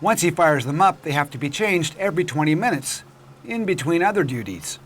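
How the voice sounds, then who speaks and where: A man narrating a local television documentary in a measured, clear storytelling voice. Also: a little high, lively intonation. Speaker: program narrator and host.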